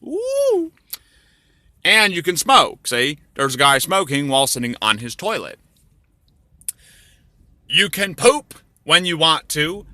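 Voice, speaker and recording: A man telling crude comedy stories in a rambling way, with deadpan asides. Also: mid-range voice, dry recording. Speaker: storyteller. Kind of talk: crude comedic storytelling over drawings.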